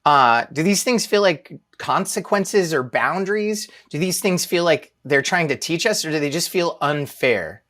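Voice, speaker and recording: A man in his thirties speaks to a live audience in a relaxed, conversational way. He tells stories about himself with a self-deprecating touch and stops to put questions to the room. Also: a little high, moderate pace, few pauses. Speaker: leadership speaker.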